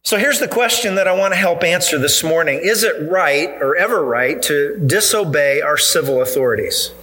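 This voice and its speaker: Bright-voiced earnest preaching man. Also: fairly high pitch, lively intonation, normal speed, rough recording. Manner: earnest, emphatic preaching with pointed repetition. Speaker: pastor. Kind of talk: sermon. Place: church.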